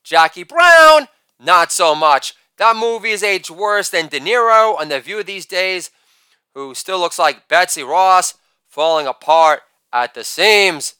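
Brash high-voiced man firing off jokes. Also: measured pace, clean tone, no room sound. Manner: brash, crude punchlines with loud shouted catchphrases. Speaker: comedian. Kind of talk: rapid-fire joke monologue.

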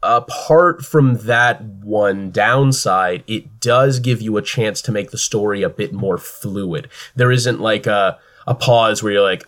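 A young man with a lowish voice talks into a podcast microphone in casual, rambling chat. He's relaxed and full of fillers and little restarts as he talks about running games. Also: takes it slowly, few pauses. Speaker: podcast co-host and game master.

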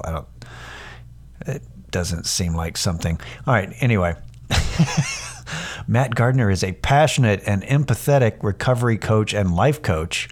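A man with a lowish voice rants on his podcast, sarcastic and profane. He rambles, restarts sentences and swears freely as he mocks things that irritate him. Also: lively intonation, measured pace, long pauses. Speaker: podcast host. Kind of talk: casual ranting monologue.

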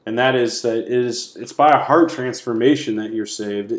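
A man co-hosting a casual podcast, talking through favorite movie scenes in a relaxed, conversational way. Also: medium pitch, moderate pace. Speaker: podcast co-host. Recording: roomy echo.

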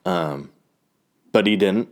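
A man's voice: deep voice, slow, darkish tone. A man giving a loose, rambling and profane recap of fight results, full of fillers and restarts. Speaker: fight fan recapping a card. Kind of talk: casual talk.

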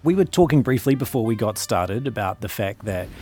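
Host with a New Zealand accent, male, low voice, measured and thoughtful, faint music underneath. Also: animated, a little mellow. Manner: measured, thoughtful, with small restarts. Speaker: podcast host, professor. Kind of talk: academic interview.

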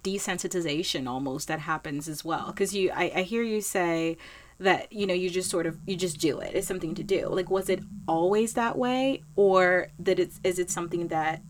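Lower-voiced woman asking questions. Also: moderate pace, slight background noise. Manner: questioning, lots of "like". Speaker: interviewer. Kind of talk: casual conversation.

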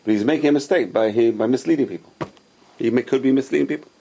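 A man's voice: medium pitch, quick pace, creaky, warm tone, slight background noise. A man teaching a casual religious class who repeats his points and drills pronunciation with the students.

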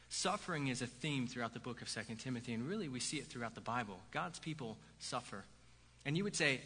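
Bright-voiced man preaching in a hall. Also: mid-range voice, fast talker, breathy edge. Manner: animated, conversational preaching with repeated "right?" asides. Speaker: pastor. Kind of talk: sermon. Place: church sanctuary. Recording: hall reverb.

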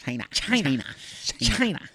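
A man's voice: sits high, big pitch swings, vocal fry, fairly bright tone, slightly rough. A middle-aged man with a New Zealand accent, co-hosting a casual podcast chat, rambling and restarting his sentences often. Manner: rambling, halting, many restarts. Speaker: podcast co-host.

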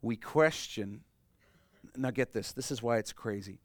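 A man preaching a sermon, explaining a passage emphatically and swinging between loud and hushed delivery. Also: medium pitch, a little slow, no echo. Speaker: pastor.

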